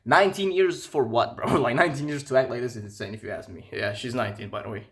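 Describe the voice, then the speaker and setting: A young man telling a casual, profane storytime rant, animated and incredulous. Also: mid-range voice, fast talker. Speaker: vlogger.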